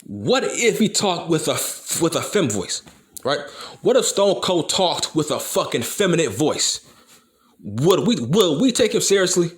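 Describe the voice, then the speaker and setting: Heated, profane man ranting, lively pitch. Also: measured pace. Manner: heated, profane, repeats himself for emphasis. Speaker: wrestling YouTuber. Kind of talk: profane opinion rant to camera.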